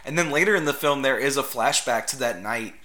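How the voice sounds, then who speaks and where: An easygoing man co-hosting a casual podcast who recaps movie scenes with wry amusement. His voice is bright and forward, and his pitch sits in the middle of the range. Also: animated, fairly quick. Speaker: podcast co-host. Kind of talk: casual movie-review chat.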